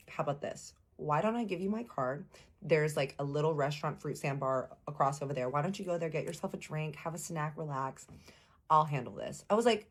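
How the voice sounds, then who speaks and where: Woman, low pitch, casual storyteller, chatty and animated. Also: brisk. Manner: animated, acts out quotes, addresses listeners as y'all.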